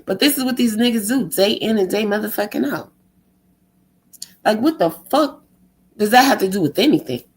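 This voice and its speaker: A woman's voice: mid-range voice, lively intonation, moderate pace, long pauses, rough recording. Woman ranting, exasperated and sarcastic. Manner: exasperated, sarcastic, heavy swearing; fires rhetorical questions, mocks others in a put-on tone. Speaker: vlogger. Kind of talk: profane monologue rant.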